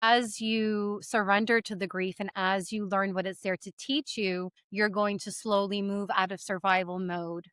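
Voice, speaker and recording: A woman's voice: medium pitch, flat delivery, normal speed, few pauses, a bit bright, clear, resonant tone, dry recording, studio quality. A woman coach co-hosting a podcast conversation, talking frankly and reassuringly and laughing easily.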